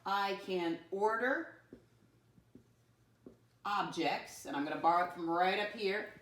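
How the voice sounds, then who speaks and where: A woman teaching young children a math lesson, talking slowly, spelling words out letter by letter, and making playful jumps in pitch. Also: a bit bright, far from the mic. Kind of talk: early-grade math lesson. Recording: roomy sound from off-mic.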